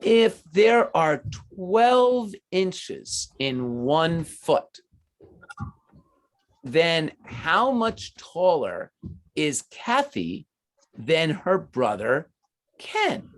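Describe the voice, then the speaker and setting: A man's voice: on the high side, sing-song, drawn-out words. A man teaching math to children, patient and encouraging as he explains each step. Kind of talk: online class teaching.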